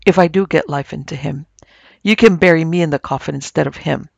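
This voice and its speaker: A man voicing an old rural woman said to be half witch, calm, coaxing and folksy. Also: fairly high pitch, a little fast, creaky, dry recording, lo-fi sound. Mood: insistent.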